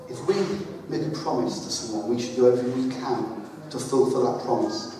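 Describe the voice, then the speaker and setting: A man's voice: mid-range voice, steady tone, brisk, dark tone, slight background noise. A man preaching a chatty, emphatic sermon full of jokes, in a large church hall. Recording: echoey hall, voice from far off.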